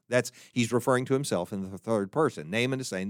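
A man's voice: medium pitch, fast, hardly any pauses, clean tone, no echo, clean studio sound. A man teaching a Bible lesson, thinking aloud and often repeating words as he searches for the next one. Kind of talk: teaching talk to listeners.

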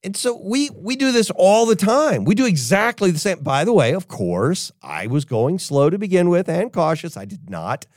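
An older man preaching a sermon, telling a personal story in an animated way and acting out what people say. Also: high-pitched, moderate pace, few pauses, no echo, clean studio sound. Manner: animated storyteller, acts out quotes. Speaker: pastor.

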